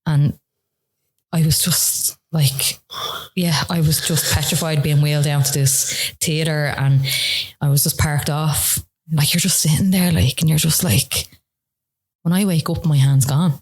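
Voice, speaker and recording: An Irish woman telling her own story as a podcast interview guest, emotional and halting, with many "like" and "you know" fillers. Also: deep voice, fairly even intonation, darkish tone, husky.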